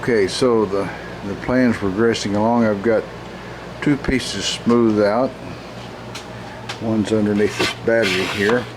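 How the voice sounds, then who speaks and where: Slow-talking man over loud shop hum. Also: on the low side, steady tone. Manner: slow, plain-spoken. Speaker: hobby metalworker. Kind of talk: workshop narration.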